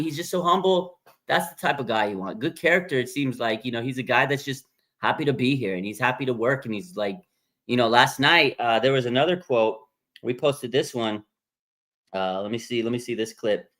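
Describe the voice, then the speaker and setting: A sports podcast host runs a laid-back livestream, rambling excitedly and reading viewer comments out loud. His voice sits in the mid range, and his pace is fairly quick.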